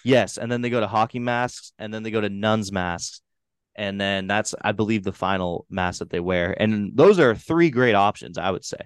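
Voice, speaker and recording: A man's voice: lowish voice, normal speed, clean tone, no echo, clean studio sound. A man with a New Hampshire accent, hosting a casual movie review podcast in a loose, rambling way with casual swearing. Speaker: podcast host.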